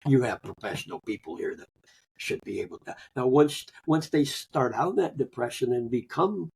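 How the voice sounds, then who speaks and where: An older man telling personal stories in a folksy, conversational way, often chuckling and trailing off softly. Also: medium pitch, lively intonation, normal speed, slight background noise. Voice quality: gravelly, husky. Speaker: guest, grief author. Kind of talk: conversational interview.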